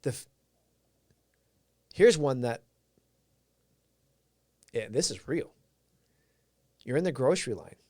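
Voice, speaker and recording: A man's voice: mid-range voice, animated, slow pace, long pauses, darkish tone, no room sound, studio quality. A man whose first language is Portuguese, hosting a live stream and giving an earnest, reflective motivational talk while answering viewers' comments.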